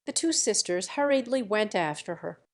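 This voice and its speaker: A woman's voice: mid-range voice, animated, normal speed. Woman narrating a classic novel. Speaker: audiobook narrator. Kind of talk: scripted literary narration.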